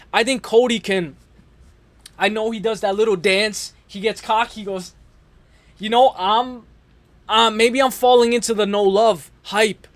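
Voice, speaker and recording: A man's voice: sits high, no room sound. A young man hosting an MMA preview show, talking in a casual, rambling, slangy way and correcting himself often. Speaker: MMA podcast host. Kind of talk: casual fight preview talk.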